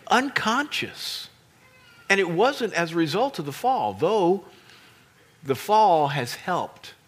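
Guy preaching a sermon, swoopy lively pitch, kinda husky, emphatic and playful. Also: slow. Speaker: pastor.

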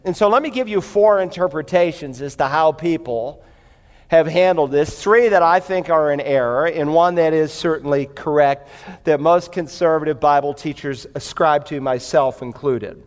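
A man's voice: a little high, normal speed, long reverb tail. A man preaching a sermon, telling a story and then working through verses in an emphatic, conversational way. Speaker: pastor.

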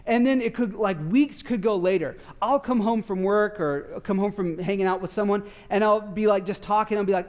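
A man in his thirties delivers a sermon in a relaxed, chatty way, often turning to the listeners with a quick "right?". His speaking voice sits notably high for a man, and he tells homely family anecdotes between the scripture passages. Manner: conversational, animated storytelling with asides to parents. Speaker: pastor.

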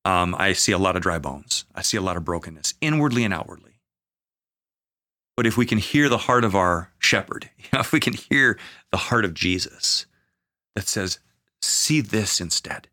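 A pastor with a fairly low voice and a bright, forceful edge talks through faith in a relaxed podcast chat. He is earnest and circles back with plenty of fillers. When he makes a point, he slows into a measured preaching rhythm. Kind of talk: conversational podcast talk on faith.

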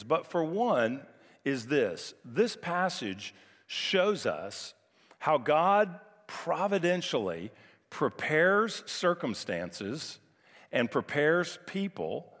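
A man's voice: a little high, fairly bright tone. A man preaching a sermon as pastor, talking in a conversational way and telling a humorous personal story. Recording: reverberant hall recording.

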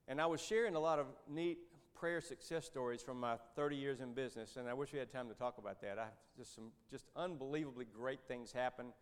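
A clean-toned, mid-range male voice belongs to a lay speaker in his fifties, a Christian businessman giving a storytelling church talk. His manner is conversational and folksy, with dry humor and joking asides.

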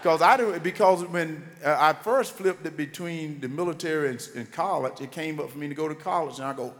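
A man from Georgia, telling emphatic, animated stories in a motivational faith talk. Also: fairly high pitch, fairly quick, long reverb tail, slight background noise. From Georgia, USA. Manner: animated, emphatic storytelling with repetition. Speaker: motivational speaker.

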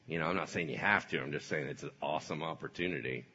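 A sly male serpent tempter, put on by a preacher, coaxing and insinuating in a soft, husky voice. The sound is dull and lo-fi. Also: on the high side, huge pitch swings, normal speed, pitched above the performer's own voice, heavily acted.

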